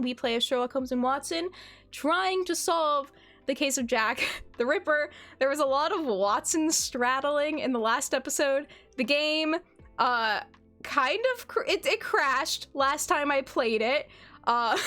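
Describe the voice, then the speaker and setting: A woman's voice: high voice, a bit bright. A young woman chatting casually on a gaming livestream, giggly and self-deprecating. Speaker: streamer.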